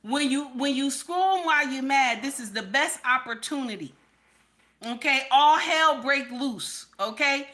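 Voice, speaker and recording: A woman's voice: sits high, unhurried, bright, forceful tone. A woman hosting a livestream, talking bluntly to her chat and often checking in with "okay?". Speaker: livestream host. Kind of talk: candid livestream talk to chat.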